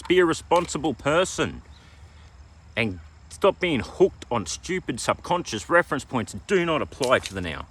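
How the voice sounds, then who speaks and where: A man's voice: medium pitch, sing-song, normal speed, fairly bright tone, slight background noise. A man with an Australian accent giving an emphatic, preachy self-help talk, repeating slogans and checking in with "all right?". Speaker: motivational vlogger. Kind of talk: motivational self-help monologue.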